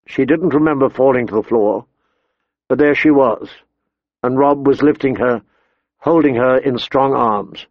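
A man narrating an audiobook in a measured, expressive storytelling voice. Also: mid-range voice, no room sound. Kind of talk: scripted narration. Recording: dull dry recording.

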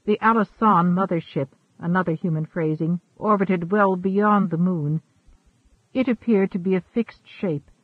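A man reading a science fiction story aloud as an audiobook narrator, in a measured way, lightly voicing the characters. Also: high voice, dry recording. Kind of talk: scripted narration. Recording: tinny phone-like sound.

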